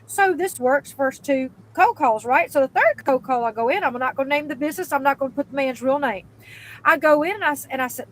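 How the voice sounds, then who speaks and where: High-voiced, animated woman telling a story. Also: low-quality recording. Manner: animated, acts out dialogue with quick voice changes; blunt, swears casually. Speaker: salesperson. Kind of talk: casual storytelling clip.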